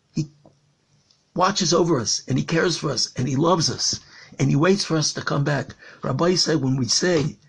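A man's voice: high voice, gravelly, a bit bright, slightly rough. A rabbi giving an impassioned Torah lecture on prayer. He tells a parable and stretches key words for emphasis. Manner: storytelling with a parable.

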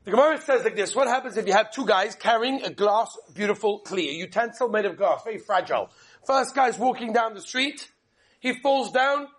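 A man with a high-pitched voice teaching a Torah class. He talks quickly and with animation, sprinkling Hebrew and Yiddish terms into his parables. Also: fairly bright tone. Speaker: Torah lecturer.

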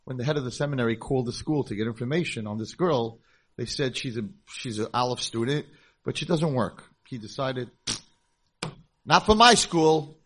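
Speaking briskly in a mid-range voice, a middle-aged rabbi who founded a school tells stories at a conference, bringing the characters to life by acting out their voices. There's slight background noise.

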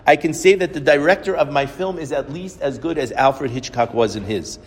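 A man's voice: on the high side, moderate pace, husky. A man delivers a reflective sermon, spinning stories and lessons in a slightly raised voice. His words ring out with a long hall reverb behind them. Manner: storytelling, reflective, quotes others at length.

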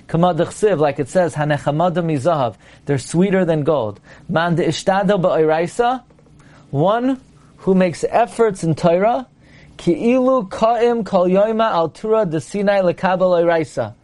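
Delivering an emphatic Torah lecture at a measured pace, this man has a voice that sits high with a darkish tone. He asks rhetorical questions and translates the Hebrew and Aramaic passages he quotes.

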